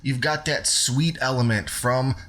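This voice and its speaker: A man narrates a home cooking recipe as the host of his own show, talking through each step in a chatty, upbeat way. His voice sits at an ordinary, middle pitch for a man. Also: unhurried, fairly bright tone. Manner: upbeat and conversational.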